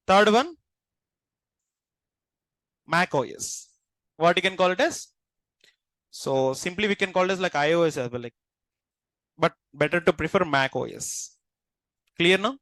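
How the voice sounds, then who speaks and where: A man, lecturing a class as instructor and constantly checking understanding with quick questions. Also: sits high, fairly bright tone, no room sound, low-quality recording.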